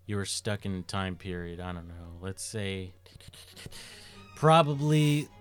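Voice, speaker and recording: Lowish-voiced young man asking questions. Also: animated, slow pace, clean tone, faint music behind. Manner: prodding questions, teasing. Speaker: podcast co-host. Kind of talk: casual chat.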